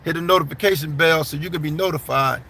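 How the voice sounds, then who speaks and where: Speaking fast in a bright, forceful voice on the high side, a man does casual live-stream commentary. He reads viewers' comments and answers them bluntly, chatting with them as y'all and man.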